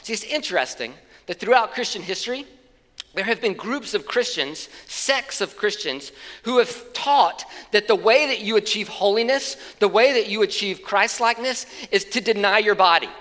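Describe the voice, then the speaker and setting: A man's voice: sits high, animated, normal speed, sharp tone, long reverb tail. A man preaching a sermon as pastor, in a conversational, plain-spoken way with casual asides, speaking from a church stage.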